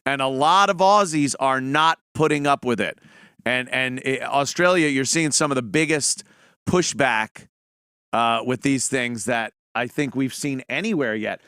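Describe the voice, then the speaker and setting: A man's voice: medium pitch, unhurried, pushed and bright, smooth, no room sound, studio quality. Profane, blunt man hosting. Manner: blunt, profane, mocking asides. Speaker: podcast host. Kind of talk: casual opinion monologue.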